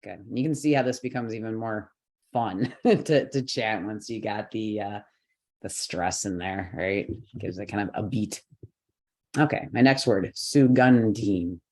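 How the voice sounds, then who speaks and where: In an unhurried, darkish voice pitched on the low side, a male yoga and mantra teacher runs an online chant class. He lays out the rules patiently step by step, laughing lightly from time to time.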